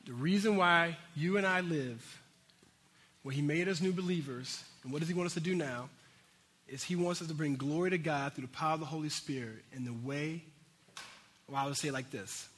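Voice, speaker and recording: A man's voice: a little high, fairly quick, fairly bright tone, husky, big-room sound. A man preaching a sermon in a casual, conversational way, with frequent asides to his congregation. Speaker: pastor.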